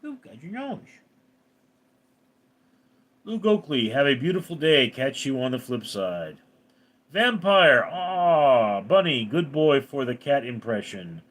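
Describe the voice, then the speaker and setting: A man with a mid-range voice hosts a casual livestream at an unhurried pace. He reads out commenters' names, then chats back to them in an animated way.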